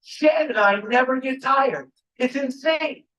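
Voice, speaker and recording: Man, high voice, fired-up live keynote, mic at a distance. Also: a little slow. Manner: emphatic, often shouting to the crowd. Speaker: motivational speaker. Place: large live event venue.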